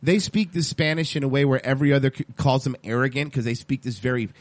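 A man co-hosting a podcast, chatting casually in an animated, jokey, profane way. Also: medium pitch, quick pace, dry recording. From Hispanic background. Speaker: podcast co-host. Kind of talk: casual chat.

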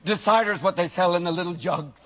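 High-voiced man doing rowdy stand-up. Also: brisk. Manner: high-energy, shouting, mocking. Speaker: stand-up comedian. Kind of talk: live stand-up set. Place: large live venue with audience. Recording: loud crowd in noisy live venue.

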